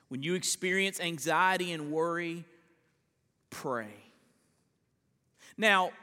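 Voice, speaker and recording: A male pastor preaching a sermon, swinging between loud emphatic lines and hushed slow ones, often repeating words as he starts a phrase. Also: high voice, in a large hall. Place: church sanctuary.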